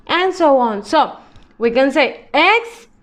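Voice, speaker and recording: Woman, English teacher; high voice, unhurried, models words slowly for children. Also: lively intonation. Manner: slow and patient, drawing out example words. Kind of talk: recorded grammar lesson for children.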